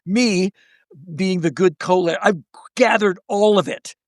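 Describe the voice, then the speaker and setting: A man's voice: sits high, slow pace, no echo, studio quality. A man in his sixties, a podcast guest, telling a story animatedly and acting out the people in it. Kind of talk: storytelling in conversation.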